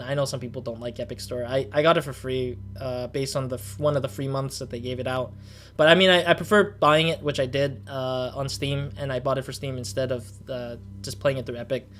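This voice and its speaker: A man's voice: medium pitch, a bit bright, a little hiss or hum. A man hosting a casual chat about a finished game, rambling with plenty of fillers and restarts. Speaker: channel host.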